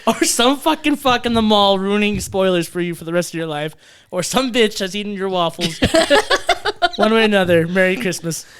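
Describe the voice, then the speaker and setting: A man on a podcast jokes and swears his way through a casual chat, laughing often. His voice is bright and forward. A faint hiss sits under the recording. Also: high-pitched, animated, moderate pace. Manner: laughing, profane, joking. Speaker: podcast co-host.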